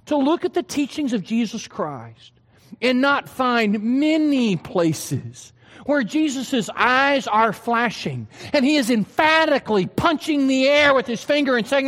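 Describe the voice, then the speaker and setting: A man's voice: very high voice, fairly bright tone, in a large hall. A man preaching a sermon, emphatic and full of questions to his listeners. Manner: emphatic, asks the hearers questions.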